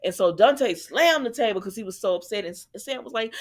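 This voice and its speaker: A woman's voice: on the high side, lively intonation, brisk, hardly any pauses. Chatty woman recapping with sass. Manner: chatty and sassy, with asides to characters. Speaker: soap opera recap host. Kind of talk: casual recap commentary.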